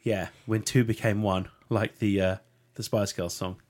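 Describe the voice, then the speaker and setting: A man's voice: on the low side, steady tone, unhurried, a little mellow. A man hosting a casual podcast, jokey and loose, laughing at his own slips. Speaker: podcast host.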